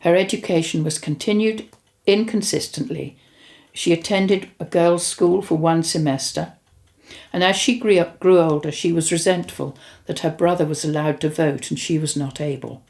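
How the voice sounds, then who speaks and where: An older woman tells stories in a loose, conversational way, stopping to correct herself as she goes. Her voice sits a little low and has a noticeably gravelly, fry-laden edge. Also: normal speed, darkish tone. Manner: chatty, rambling, with self-corrections. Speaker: host recounting spiritual experiences. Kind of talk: casual storytelling and reading aloud.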